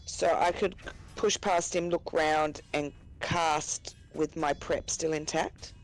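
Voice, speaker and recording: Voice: mid-range voice, fairly even intonation, takes it slowly, soft background music, low-quality recording. A player at a tabletop game asking hesitant questions about the rules. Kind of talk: casual tabletop play.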